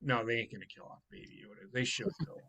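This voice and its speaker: A man hosting a casual chat over a call, ranting with constant swearing, swinging from muttering to yelling. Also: medium pitch, fast, vocal fry, husky, rough recording. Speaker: host. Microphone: headset or desk mic on a call.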